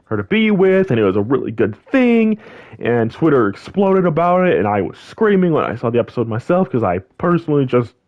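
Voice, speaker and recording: A young man hosting a gaming channel, chatting casually over gameplay in a rambling, animated way, full of fillers and restarts. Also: medium pitch, fairly quick, highs cut off.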